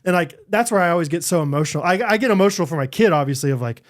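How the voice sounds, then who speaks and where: Podcast co-host, man in his 30s, high-pitched and animated storyteller, acts out quotes, laughs a lot. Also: racing. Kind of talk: casual chat.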